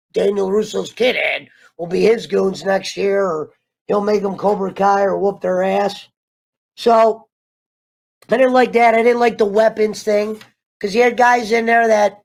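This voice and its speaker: A man casually ranting through a TV show review, animated and profane, wandering off on tangents. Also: sits high, creaky. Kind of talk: casual rambling rant.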